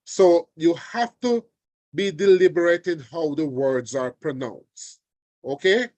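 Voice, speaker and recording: A man teaching an online exam revision lesson, deliberate and often checking in with his students. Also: on the high side, darkish tone, no room sound. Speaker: language teacher. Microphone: video call.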